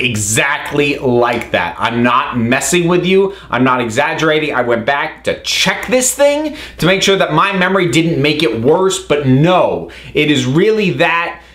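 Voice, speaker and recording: A woman hosting a video rant, exasperated and incredulous, often shouting questions. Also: low-pitched, reverberant. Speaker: host.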